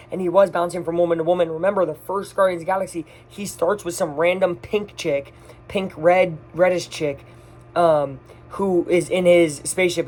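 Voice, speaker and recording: A person giving a casual, off-the-cuff movie review, gushing and excitable, talking in quick bursts. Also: medium pitch.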